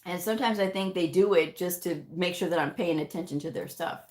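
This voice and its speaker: A woman's voice: lowish voice, fairly quick, a little mellow. A middle-aged woman, a medical coder, chatting casually on a live stream and answering viewer questions in an emphatic, talkative way. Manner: chatty and emphatic, with frequent "you know"s and laughs.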